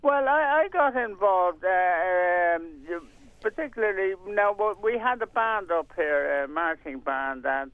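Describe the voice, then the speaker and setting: A man's voice: high voice, unhurried, no echo. An older man being interviewed on radio, talking in a rambling, hesitant way with many fillers and restarts. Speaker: community radio volunteer and presenter. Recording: tinny phone-line sound, dry.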